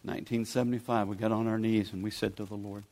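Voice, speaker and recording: A man's voice: fairly low pitch, little pitch movement, quick pace, dark tone. A man, preaching a sermon in a folksy, pleading, conversational way as a guest preacher. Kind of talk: sermon with altar call.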